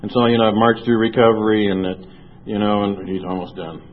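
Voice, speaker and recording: A low-voiced man sharing his personal recovery story before a crowd in an earnest, storytelling way, slowing to let the hard parts land. The recording is dull and lo-fi, with a faint hiss underneath. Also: steady tone. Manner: earnest storytelling, slow and heavy at emotional points. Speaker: recovery speaker. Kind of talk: personal testimony talk.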